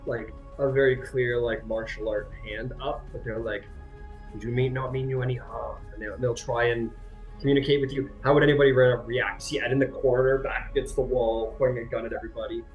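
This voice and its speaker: A man narrating a tabletop game as its game master, at an average pitch. He wanders through his descriptions with many fillers and restarts. Faint music plays behind him. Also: steady tone, a little fast, phone-quality sound. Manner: rambling, full of fillers and restarts.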